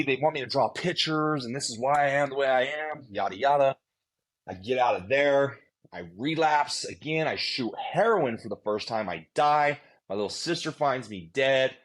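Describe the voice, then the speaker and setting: A man from Utah telling his own life story as a podcast guest, speaking in an earnest, conversational way with frequent fillers and restarts. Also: medium pitch. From Utah, USA. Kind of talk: candid storytelling.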